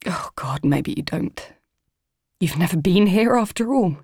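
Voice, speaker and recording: A woman's voice: mid-range voice, no room sound, studio quality. A young woman narrating a first-person audiobook, earnest and pleading, emotionally raw.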